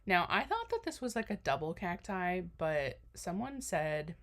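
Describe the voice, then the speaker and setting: In a relaxed, unhurried voiceover recorded on a voiceover mic, a young woman with a low, drawling voice walks through a cookie decorating tutorial. She rambles cheerfully, trails off into plenty of fillers, and pokes fun at herself along the way.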